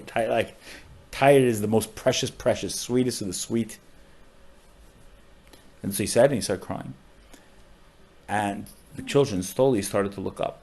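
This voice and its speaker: A male rabbi with a lowish voice tells a story on a podcast. He sounds heartfelt and uses a lot of casual fillers. At the saddest moments his voice falls almost to a murmur. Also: slow, pauses often, a little mellow. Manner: emotional storyteller with frequent "like" fillers.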